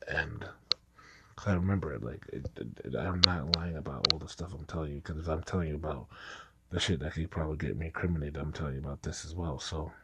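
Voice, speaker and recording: Deep gravelly man telling a story. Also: fast. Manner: rambling, repeats himself with false starts. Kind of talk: casual personal storytelling.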